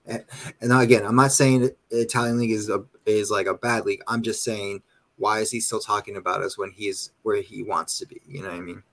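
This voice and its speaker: A man with a fairly low voice gives casual opinions on his club in long, rambling runs. He circles back on his points and keeps tagging them with a quick check for agreement. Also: fairly even intonation, fairly bright tone. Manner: rambling, repeats "you know what I mean". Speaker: panelist. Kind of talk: casual fan talk.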